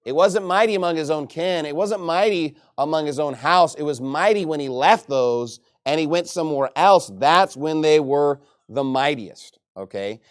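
A man from Texas preaching a sermon in a lively, joking and emphatic way. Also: a little high, moderate pace, few pauses.

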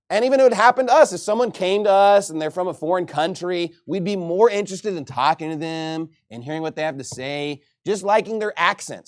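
Preacher from Texas, a man with a high voice, lively, jokey, emphatic delivery. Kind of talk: sermon.

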